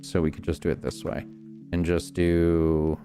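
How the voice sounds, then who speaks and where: A man streaming a game, calmly explaining each step as he builds and thinking aloud. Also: sits low, measured pace, faint music behind. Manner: relaxed, many ums and restarts. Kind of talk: casual gameplay commentary.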